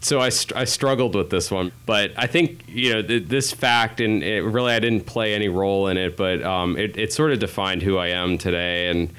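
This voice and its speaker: Male interview guest, 30s, very deep and smooth, hesitant delivery. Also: moderate pace, hardly any pauses, fairly bright tone. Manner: thoughtful, hesitant, many fillers and restarts. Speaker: guest, marketing director. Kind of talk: interview chat.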